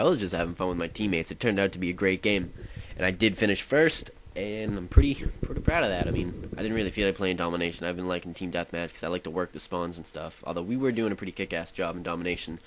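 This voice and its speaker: A man's voice: deep voice, a little hiss or hum, rough recording. A young man giving casual, rambling commentary over his own gameplay, often breaking off and restarting his sentences with enthusiasm. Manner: rambling, self-interrupting, enthusiastic. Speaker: gaming video host.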